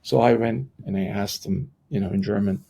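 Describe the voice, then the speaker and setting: Gravelly middle-aged man telling a story. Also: lowish voice. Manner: animated storyteller who acts out the voices of people he quotes; halting, with frequent restarts. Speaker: podcast guest. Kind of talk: conversational storytelling in an interview.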